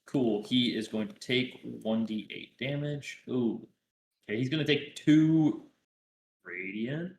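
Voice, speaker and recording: A man playing in a casual tabletop game, brisk and matter-of-fact. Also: mid-range voice, darkish tone, slight background noise. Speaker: player. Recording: roomy echo.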